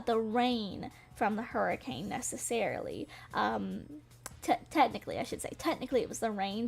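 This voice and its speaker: A young woman from Western North Carolina, chatting casually on a livestream, rambling with lots of fillers and giggles. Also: fairly high pitch. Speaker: vtuber streamer. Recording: faint music behind.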